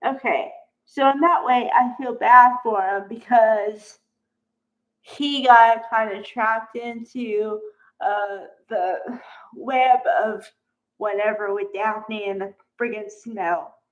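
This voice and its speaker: Slow, exasperated woman recapping a soap. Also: on the high side. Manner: animated, exasperated commentary, acting out quotes. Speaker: soap opera recap host. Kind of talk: casual recap and opinion vlog. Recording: slightly dull lo-fi recording.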